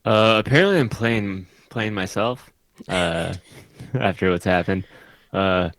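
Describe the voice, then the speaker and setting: A man's voice: on the low side, lively intonation, slow pace, fairly bright tone, no room sound. A man introducing himself as a tabletop player, rambling and flustered, mocking himself. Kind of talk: casual chat over an online call.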